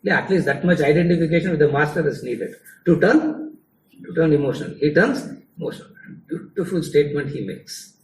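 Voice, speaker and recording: A man's voice: fairly high pitch, animated, a little fast, slight background noise. A man with a Tamil-English accent giving a spiritual lecture to a class in a conversational, teasing way. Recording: echoey hall, mic at a distance.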